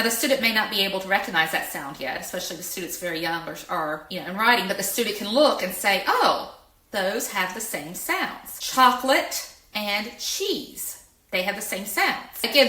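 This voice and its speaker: A middle-aged woman explaining reading skills in a lesson, slow and clear, and she stresses each example word. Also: medium pitch, pushed and bright. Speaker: educator. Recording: echoey room.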